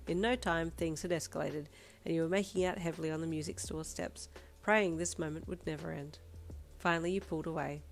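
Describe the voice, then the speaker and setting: A woman narrating a fan fiction audiobook in a steady second-person storytelling manner. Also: sits low, fairly quick, faint music behind.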